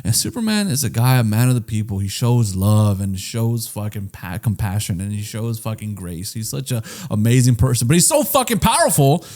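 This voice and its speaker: A man's voice: fairly low pitch, sing-song, moderate pace, hardly any pauses, a little mellow. A young man co-hosting a casual podcast, talking bluntly with lots of swearing and emphasis. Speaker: podcast co-host.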